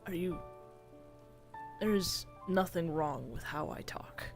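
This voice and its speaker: A man's voice: sits high, slow, creaky, soft background music, exaggerated voice. A man playing an irritable young man who swears often and sighs, trying to speak formally while a drawl slips in. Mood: exasperated. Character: grey-haired young man, irritable and touchy. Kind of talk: voice role-play in a virtual world.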